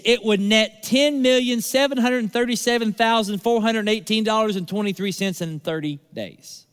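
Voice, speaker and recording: Male pastor, high voice, preaching with repetition and pauses, long hall reverb. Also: a bit bright, clear, resonant tone. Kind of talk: sermon.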